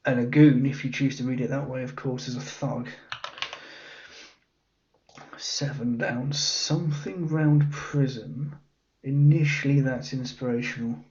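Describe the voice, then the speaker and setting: A man's voice: medium pitch, fairly even intonation, measured pace, pauses often, darkish tone. A man thinking aloud as he works through a cryptic crossword, musing and muttering the clues half to himself. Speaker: crossword solver. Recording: dull lo-fi audio.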